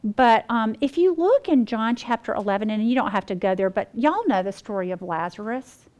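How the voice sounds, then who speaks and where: Woman, Bible teacher, animated, folksy, slightly high voice. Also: moderate pace. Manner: animated, folksy, addresses the room as y'all.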